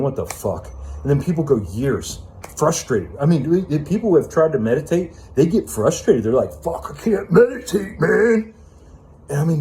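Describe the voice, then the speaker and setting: With a mellow voice on the higher side, a man rants through an off-the-cuff self-help monologue, swearing for emphasis and leaning on fillers such as "man" and "you know."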